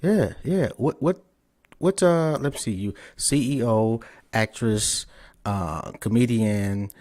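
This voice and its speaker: Hosting a podcast interview over a remote connection, a man speaks slowly in an animated, slightly mellow mid-range voice. His talk is loose and profane, and between frustrated complaints about the tech he keeps checking that his guest can hear.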